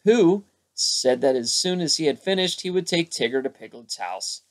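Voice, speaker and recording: A man reading a children's storybook aloud as a bedtime story, with lively character voices. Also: a little high, normal speed. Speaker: storybook narrator.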